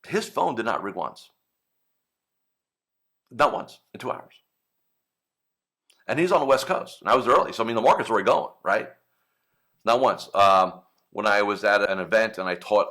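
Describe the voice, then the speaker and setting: A man's voice: on the low side, sharp tone. A man hosting a coaching show for financial advisors, talking casually and acting out client phone calls, with frequent tag questions. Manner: conversational, frequent "right?" and "okay?" tags, acts out client calls. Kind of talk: casual coaching talk to camera.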